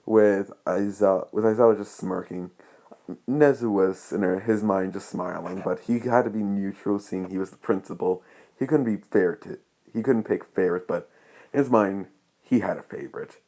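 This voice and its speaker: A man's voice: on the low side, normal speed, dark tone. A man improvising a fan story as narrator, rambling with many restarts.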